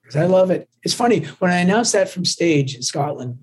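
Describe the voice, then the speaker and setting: A musician joins a friendly phone interview as a guest, chatting casually and often restarting his sentences. His voice sits high, with lively intonation and a fairly quick pace.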